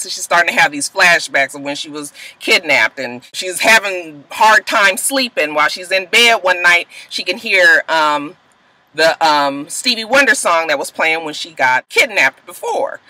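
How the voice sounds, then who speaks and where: A young woman vlogger casually recapping TV episodes, profane and animated, acting out the characters. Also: sits low, moderate pace, no echo, rough recording.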